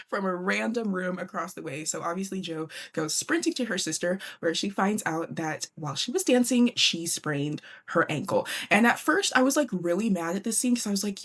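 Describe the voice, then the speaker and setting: A woman's voice: fairly low pitch, expressive, moderate pace, few pauses, fairly bright tone. A young woman hosting a book podcast, chatty and giggly, casually swearing as she recaps a classic novel.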